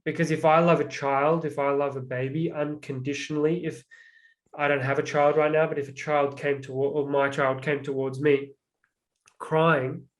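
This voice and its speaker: Earnest man coaching, fairly high voice. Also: level tone, normal speed. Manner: earnest, uses many "like" fillers and acted-out examples. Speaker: transformational coach, podcast guest. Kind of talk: reflective conversational explanation.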